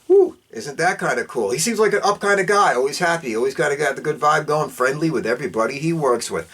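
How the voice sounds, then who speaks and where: A man with a fairly high voice hosts a podcast and recaps a film's plot in a fast, loose, excitable ramble. He slurs through fillers and keeps the story moving in a casual style. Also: breathy edge. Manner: excitable, rambling, jumps up and down in pitch. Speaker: podcast host reviewing a film.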